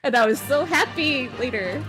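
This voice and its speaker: A woman's voice: high voice, animated, normal speed, music in the background. A woman streamer giving casual live commentary on a game, chatty and emotional, with frequent fillers.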